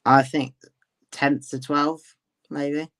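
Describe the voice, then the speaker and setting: A man's voice: a little high, level tone, extremely slow, a bit bright. A man calling in to a fan show, hesitant and giving brief, nervous answers. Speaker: caller. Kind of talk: call-in chat.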